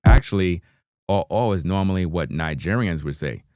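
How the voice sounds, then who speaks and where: A deep-voiced New York man hosts a livestream, reacting to videos in casual chat full of laid-back slang, chuckles, and plenty of "you know what I mean." He talks fairly quickly with a slightly mellow tone. The recording is dry and clean, with studio sound.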